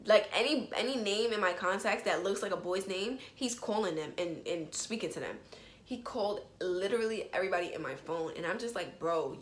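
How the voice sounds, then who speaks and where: A young woman telling a storytime vlog in casual chat, chatty and animated, with quick asides to her viewers. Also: medium pitch, reverberant. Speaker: vlogger.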